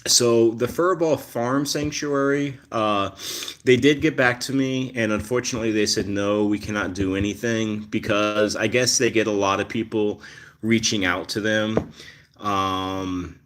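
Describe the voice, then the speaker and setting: A man's voice: fairly low pitch, steady tone, a little slow, a bit bright. Rambling man hosting a cat live stream. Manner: rambling, many fillers, reads viewer comments. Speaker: cat channel host. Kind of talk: casual live stream chat.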